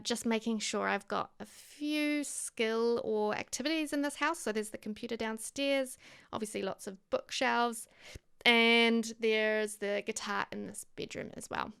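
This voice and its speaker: A woman's voice: a little high, creaky, fairly bright tone, clear, resonant tone. A woman with a New Zealand accent chatting casually over a game build, rambling with lots of ums and likes. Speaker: Sims builder and streamer.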